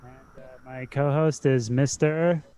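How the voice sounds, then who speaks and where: A man's voice: mid-range voice, fairly even intonation, takes it slowly, warm tone, clean tone. A man hosting a podcast in casual discussion, talking hesitantly and leaning heavily on "like". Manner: hesitant, heavy use of "like". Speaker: podcast host. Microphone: remote call.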